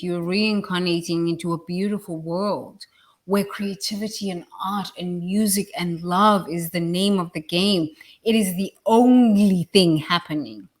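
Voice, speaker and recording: A woman giving a blunt, emphatic spiritual talk, with sudden loud bursts. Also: fairly low pitch. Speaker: spiritual speaker.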